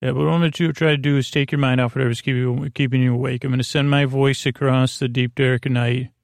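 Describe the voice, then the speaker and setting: Guy rambling softly to put you to sleep, gravelly lulling voice, mid pitch. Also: level tone, fast talker, no room sound, clean studio sound. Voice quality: creaky, soothing tones. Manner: rambling, full of fillers and tangents. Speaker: sleep podcast host. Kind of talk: meandering bedtime talk.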